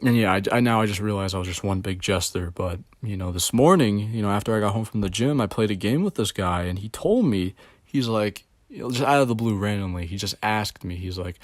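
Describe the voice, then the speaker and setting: A man's voice: on the low side, a little fast, no echo, clean studio sound. A man vlogging in a rambling, casual rant, swearing often and sounding confused and exasperated. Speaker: video blogger.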